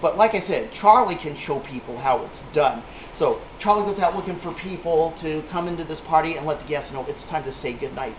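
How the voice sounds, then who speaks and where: A man's voice: on the high side, brisk, hardly any pauses, noisy background. A man telling a rambling, salty anecdote to a small group, with a punchline-driven delivery. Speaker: storyteller. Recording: echoey room on a tinny lo-fi line.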